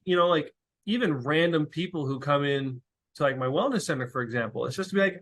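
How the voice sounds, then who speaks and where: A man's voice: fairly high pitch, fast. A young adult man talking casually as an interview guest, filling his speech with "like" and "you know" and acting out quotes. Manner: animated storyteller, acts out quotes with filler-heavy speech.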